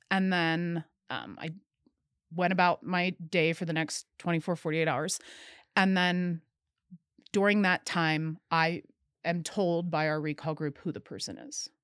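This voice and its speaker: A woman speaking in a lowish voice and telling her side of events in close detail. Her tone is earnest and at times emphatic, and the sound is dry and close with no room around it. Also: fairly even intonation, a little slow, no echo. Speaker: guest. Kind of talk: interview storytelling.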